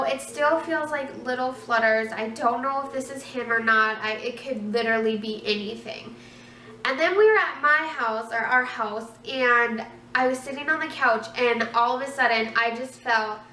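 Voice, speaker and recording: A young woman in her twenties talks through a casual vlog, rambling and chatty with plenty of fillers. Her voice sits high and sounds bright. The room is echoey, with faint ambient noise, and she is a little away from the mic. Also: recorded from a distance. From Minnesota, USA. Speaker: vlogger. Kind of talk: casual pregnancy update vlog.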